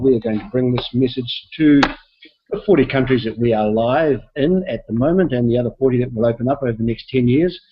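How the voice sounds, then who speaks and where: A man's voice: mid-range voice, brisk. A man hosting a team call, chatty and upbeat, rambling with fillers as he welcomes people over a video call. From South Pacific, not Australia. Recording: dull lo-fi call audio.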